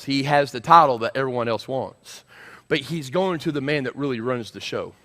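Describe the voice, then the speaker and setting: Animated preacher, bright voice. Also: male voice, medium pitch. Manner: animated, call-and-response preaching. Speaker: senior lead pastor. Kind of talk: sermon.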